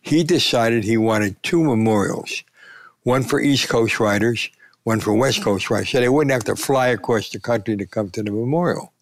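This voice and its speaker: A man in his nineties, a veteran sports columnist, telling lively anecdotes in an interview. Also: mid-range voice, moderate pace. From United States. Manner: animated anecdote telling, voice rising for punchlines. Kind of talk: storytelling interview.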